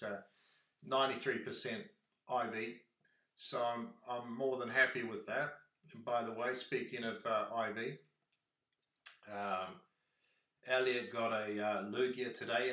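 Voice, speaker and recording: Chatty New Zealand man, bright voice. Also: mid-range voice, roomy sound. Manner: rambling, chatty, full of fillers. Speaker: livestreamer. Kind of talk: casual livestream chat.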